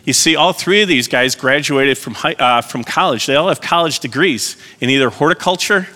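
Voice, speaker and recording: A man's voice: medium pitch, sharp tone. A man preaching a sermon in a church, folksy and conversational with self-deprecating asides. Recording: long hall reverb.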